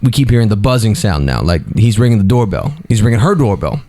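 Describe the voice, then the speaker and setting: A man's voice: on the low side, very animated, fast, dark tone. A young man on a podcast telling a long story in a rambling, casual way, full of fillers and restarts.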